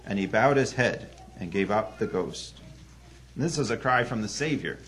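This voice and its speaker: A man preaching an evening sermon, telling a story earnestly, with sudden swings between loud emphasis and hushed drops. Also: mid-range voice, slight background noise.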